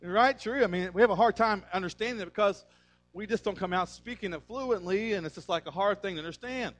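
Pastor guy preaching hard, pretty high voice, punchy, gets the crowd to repeat stuff, drops into chatty storytelling. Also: fairly quick. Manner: emphatic, energetic preaching with calls to the congregation; conversational storytelling. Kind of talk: sermon.

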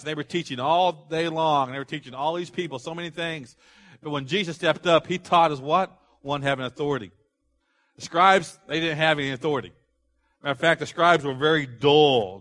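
A man preaching a sermon, animated, asking the congregation to fill in words and acting out the people in the story. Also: a little high. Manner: animated, acts out quoted voices, rising to loud exclamations; asks the audience questions and lets them fill in words. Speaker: pastor.

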